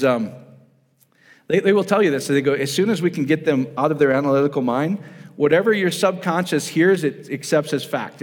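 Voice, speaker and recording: A man preaching in a casual, conversational way, often asking his audience whether they follow him. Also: fairly high pitch. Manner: casual, asks the audience questions, addresses them as guys. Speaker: pastor. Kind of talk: conversational sermon. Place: church hall. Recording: reverberant hall.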